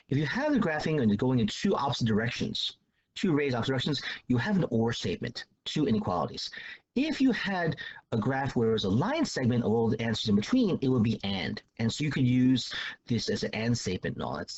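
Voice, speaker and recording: A man's voice: medium pitch, husky, dull audio. A man teaching a math lesson in a casual, loose way, repeating himself as he explains. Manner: loose, repetitive explaining with restarts and fillers.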